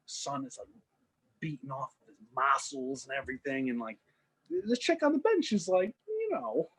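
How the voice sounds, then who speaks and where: A young man co-hosting a podcast, telling a made-up story in a loose, rambling way and slipping into quick character voices. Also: sits high, huge pitch swings, vocal fry, a bit bright, husky. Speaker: podcast co-host. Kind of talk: casual storytelling chat.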